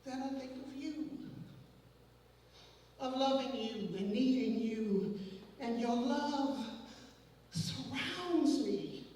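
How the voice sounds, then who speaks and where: A woman recites spoken word poetry on stage, her voice high and unhurried, slipping between speech and song. She is heard from a distance, and a long hall reverb trails her words. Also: dark tone, slight background noise. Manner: slow, dramatic, half-sung delivery. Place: live performance hall. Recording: echoey hall, from far off.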